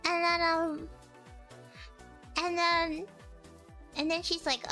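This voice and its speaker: A young woman streamer chats in an extremely high, squeaky voice. She is excitable, full of exclamations, and mocks herself as she tells a story. Soft music plays quietly underneath. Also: takes it slowly. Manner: excitable, exclaiming, self-mocking. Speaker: virtual streamer. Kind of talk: casual storytelling chat.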